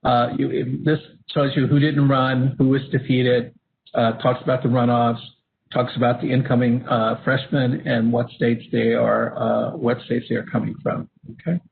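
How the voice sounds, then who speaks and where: Guy moderating a webinar over a phone line, flat gravelly voice, lots of uhs, faint hiss. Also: medium pitch. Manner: halting, many fillers and restarts. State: coughing at times. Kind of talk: webinar slide presentation.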